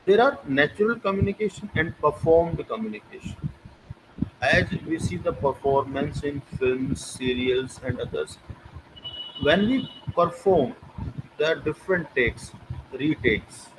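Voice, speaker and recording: A man's voice: fairly high pitch, unhurried. A man with an Indian English accent giving an online lecture as a teacher, emphatic, posing rhetorical questions and repeating key phrases. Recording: noisy recording with clicks.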